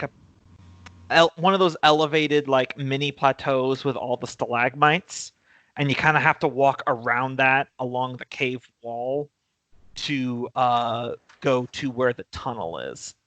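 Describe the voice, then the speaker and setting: A man serves as game master for a tabletop game over voice chat, joking around and casually swearing as he goes. His voice is mid-range and fairly bright, his pace unhurried, and there's no echo.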